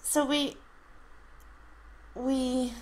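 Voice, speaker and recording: A woman's voice: high-pitched, flat delivery, extremely slow, poor audio. A woman from Norway with a Norwegian accent, chatting casually through a game and startling easily. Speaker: let's play host. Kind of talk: casual gameplay commentary.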